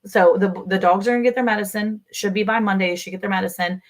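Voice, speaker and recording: A woman co-hosting a livestream, talking casually and telling stories in an animated, chatty way. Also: medium pitch, quick pace. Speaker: livestream co-host. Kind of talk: casual chat.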